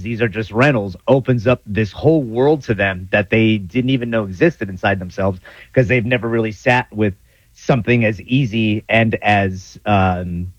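A man's voice: mid-range voice, dry recording. Casual guy on a podcast, goofy surfer vibe, mid voice, kinda dull dry audio. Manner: playful, slips into a laid-back surfer-dude voice. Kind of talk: casual conversation.

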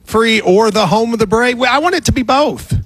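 A man hosts a call-in radio show with a high, bouncing voice that rises and dips as he talks. He jokes and cuts in on the others. His tone is slightly husky, and the sound is dry and close. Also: brisk, no room sound. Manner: animated, interrupting, joking. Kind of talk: casual radio call-in banter.

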